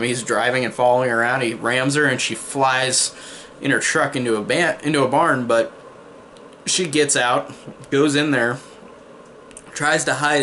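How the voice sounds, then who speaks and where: A man's voice: mid-range voice, a bit bright, a little hiss or hum. A young man giving a casual spoken movie review, rambling with lots of fillers and restarts. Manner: mocking character voices when quoting.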